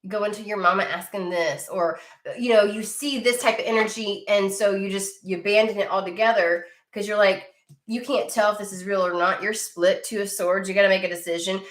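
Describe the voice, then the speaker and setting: Her voice is medium-pitched, steady, and brisk as she reads tarot, cursing freely and not mincing words with whoever is watching. The room she's in has noticeable echo.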